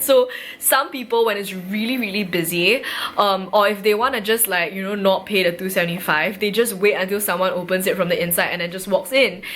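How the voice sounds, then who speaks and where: Young Singaporean woman vlogger, bright tone, chatty storyteller who acts out dialogue. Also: mid-range voice. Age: 20s. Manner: chatty, heavy use of "like", acts out quoted dialogue. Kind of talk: casual storytime narration.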